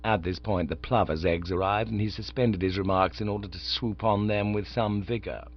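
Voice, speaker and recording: A man reading an audiobook in scripted narration with a wry, lively manner. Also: lowish voice, moderate pace, slight background noise. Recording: dull, dry audiobook recording.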